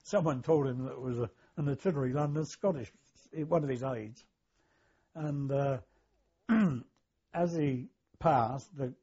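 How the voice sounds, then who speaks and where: An older war veteran recalling his service in an interview, hesitant, with many fillers, throat clearing and chuckles. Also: medium pitch, unhurried, dark tone, lo-fi sound. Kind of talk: oral history recollection.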